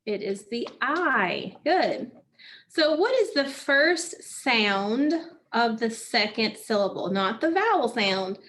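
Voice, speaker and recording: A woman's voice: fairly high pitch, expressive, a bit bright. A woman teaching a phonics lesson, patiently asking questions and answering them herself. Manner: slow, patient, asks and answers own questions.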